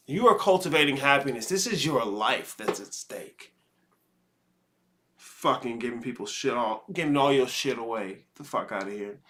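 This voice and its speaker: A man's voice: medium pitch, normal speed, sharp tone. A man hosting a commentary show, lecturing in a profane way and leaning on analogies. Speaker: show host. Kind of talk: reaction commentary.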